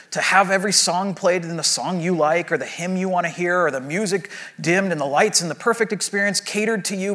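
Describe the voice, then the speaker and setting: A man's voice: high-pitched, bright, forceful tone. Man preaching a conversational sermon. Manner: conversational, acts out prayers and God's replies. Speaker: guest preacher. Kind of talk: sermon with closing prayer. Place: church sanctuary.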